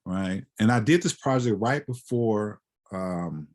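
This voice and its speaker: A man's voice: fairly low pitch, animated, slow pace, darkish tone. A man giving a reflective, conversational lecture as a guest photographer, often tagging his points with "right?". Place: lecture hall.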